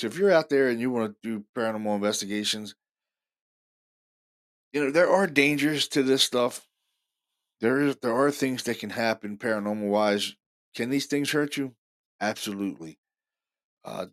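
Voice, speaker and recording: A man hosting a paranormal show, telling stories casually in an excited, rambling way full of fillers and restarts. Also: medium pitch, moderate pace. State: deaf in left ear. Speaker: paranormal podcast host. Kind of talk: casual storytelling monologue.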